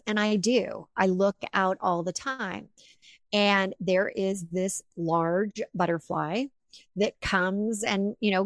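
A woman hosting an interview, retelling a personal story in animated, emotional bursts. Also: medium pitch, no room sound, studio quality. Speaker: podcast host. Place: home office with windows.

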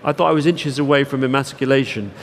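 A man's voice: medium pitch, quick pace. A man telling a rambling, self-deprecating anecdote to a live audience as a keynote speaker, full of restarts. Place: large theatre with audience. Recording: reverberant hall, faint background noise.

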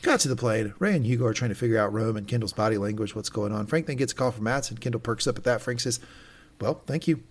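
Husky man recapping with animated quotes. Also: on the low side, fast talker, hardly any pauses. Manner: animated, acts out quotes from the show. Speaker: podcast co-host. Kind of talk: casual recap chat.

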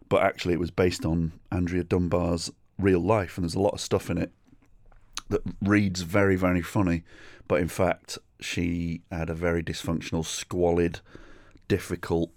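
A man with an English accent hosting a solo comedy podcast, telling a story in a sweary, chatty, animated way. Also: deep voice, no room sound, studio quality. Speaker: podcast host.

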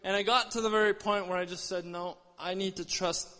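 A young man giving an earnest, animated testimony at a church service. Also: sits high, a little fast. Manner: earnest, animated storytelling with many restarts. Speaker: church speaker sharing testimony. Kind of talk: sermon testimony. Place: church hall. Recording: long hall reverb.

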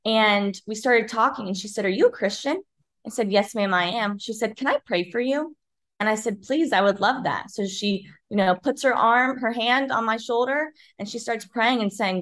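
Young woman telling a lively story. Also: a little high, normal speed. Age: young adult. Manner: animated, acts out other people's voices in her stories. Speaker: guest. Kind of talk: storytelling in a podcast interview.

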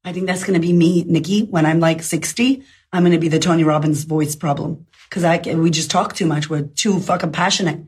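A woman's voice: fairly low pitch, brisk, few pauses, a little mellow, slightly rough. A woman in her thirties giving a blunt, fiery motivational talk as a life coach, swearing freely, speaking into her phone.

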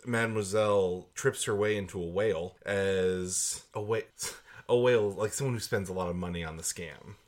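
A man's voice: low voice, moderate pace. A man co-hosting a podcast, recapping a book in casual chat with playful, jokey asides. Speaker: podcast co-host.

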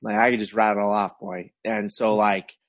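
A man, a comedian guest on a podcast, chatting in a relaxed, loose way with lots of "like.". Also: on the low side, moderate pace. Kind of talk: casual chat.

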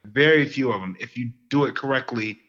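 Guy telling stories all fired up, bright sharp tone, kinda muffled lo-fi audio. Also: medium pitch, a little fast. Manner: animated storyteller who gets worked up. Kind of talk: casual podcast chat.

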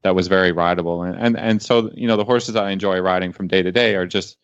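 A man's voice: sits low, fairly even intonation, quick pace, clear, resonant tone, dry recording, lo-fi sound. A man guesting on a radio show, talking in a rambling, thoughtful way with many fillers. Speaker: guest, dressage show host. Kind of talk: casual radio conversation.

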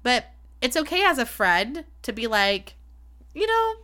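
A podcast host talks candidly on her solo show, chatty and self-deprecating, swearing freely. Her voice is fairly high with lively intonation and a sharp tone, and she takes her time.

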